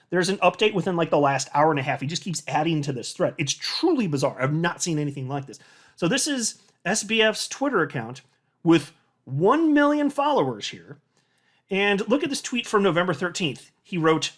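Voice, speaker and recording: A man's voice: high voice, a bit bright. A man giving a ranting, sarcastic commentary as a crypto video host.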